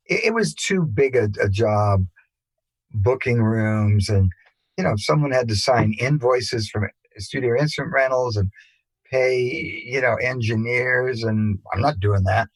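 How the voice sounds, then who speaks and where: An older man, a musician guest, telling rambling anecdotes in a relaxed interview, with many fillers and restarts. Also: medium pitch, unhurried, no echo, poor audio. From England.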